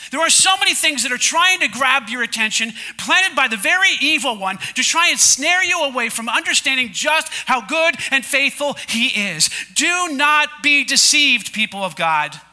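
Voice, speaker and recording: A male pastor preaching in a church sanctuary, his voice pitched unusually high for a man and strikingly bright. He is emphatic and repetitive, and often has the congregation repeat lines back to him. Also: lively intonation, normal speed, hardly any pauses. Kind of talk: sermon.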